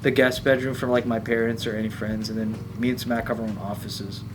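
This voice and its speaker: A man's voice: mid-range voice, level tone, fairly quick, background noise. A man from California chatting casually on a podcast, rambling with lots of fillers and restarts. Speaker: podcast co-host. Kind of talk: casual group chat.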